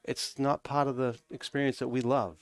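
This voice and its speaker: A man's voice: medium pitch, little pitch movement, moderate pace, clear, resonant tone, dry recording. A man with a New England accent, a cigar podcast co-host, chatting casually and telling rambling stories with easy laughs. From New Hampshire. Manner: rambling, storytelling, laughs easily. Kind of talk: casual chat.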